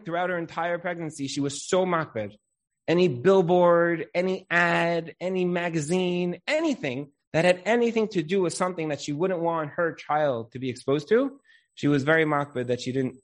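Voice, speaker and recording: Guy in his 30s, counselor giving a talk, kinda high voice, tells stories and does the voices, hebrew words mixed in. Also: moderate pace. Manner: animated storyteller who acts out quoted voices; uses Hebrew religious terms. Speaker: marriage counselor and Torah speaker.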